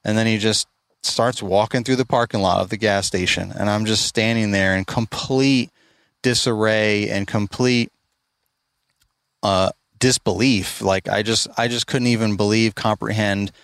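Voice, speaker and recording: A man's voice: lowish voice, steady tone, a little slow, vocal fry, a bit bright, dry recording. A middle-aged man who owns a lawn care business tells a story in a casual, rambling way, often restarting his phrases.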